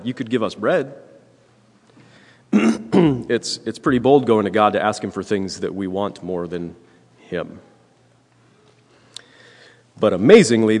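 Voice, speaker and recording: Man preaching, low voice, earnest and emphatic, frequent throat clearing, long church reverb. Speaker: pastor. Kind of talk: sermon.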